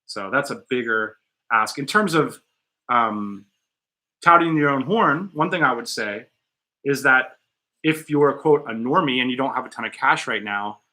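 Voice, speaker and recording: A man's voice: medium pitch, measured pace, pushed and bright. A man hosting a casual podcast chat in a studio, blunt and joking, with some profanity. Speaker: podcast host.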